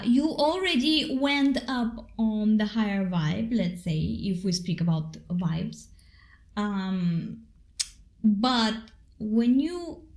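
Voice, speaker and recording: Woman, co-host, slow-paced, casual spiritual talk, frequent fillers. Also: medium pitch, darkish tone. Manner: slow and unhurried, with many fillers.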